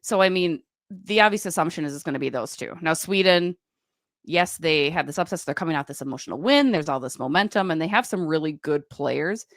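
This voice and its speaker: A woman with a low voice co-hosts a casual sports podcast. She runs briskly through stats and names, recorded dry and close with no room sound. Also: animated, no room sound. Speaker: podcast co-host. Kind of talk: casual hockey chat.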